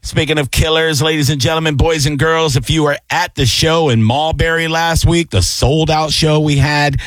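A man's voice: normal speed, no echo. A man hosting a radio after-show, chatting loosely in the studio. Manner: loose and chatty, breaks into excited high-pitched impressions. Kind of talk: casual studio banter.

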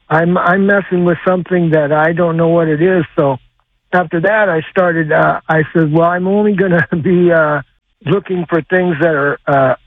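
An older man calling in to a radio show, telling a long story in a rambling, halting way with lots of uhs. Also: on the high side. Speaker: caller. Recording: tinny phone line.

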